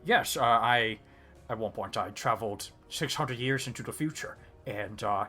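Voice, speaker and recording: A man voicing a vain, self-assured human in gold armor who has traveled through time, in a slightly lower, quieter voice. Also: moderate pace, breathy edge, soft background music. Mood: boastful.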